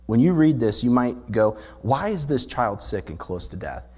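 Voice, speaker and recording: A man's voice: mid-range voice, very animated, normal speed, a little mellow, breathy edge. A male pastor preaching a sermon in a church, explaining scripture earnestly and posing rhetorical questions to the congregation. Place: church sanctuary.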